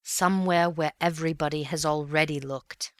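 A woman voicing an earnest, brooding man who speaks slowly and carefully. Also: low-pitched, fairly even intonation, no room sound, studio quality, natural voice. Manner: slow, earnest, measured.

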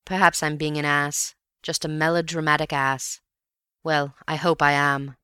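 A calm young amateur detective, voiced by a woman, measured and wry as he probes. Her low voice lifts only a little for him. The storybook sound is dry and close. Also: clean tone, no echo. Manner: measured, wry, quietly probing.

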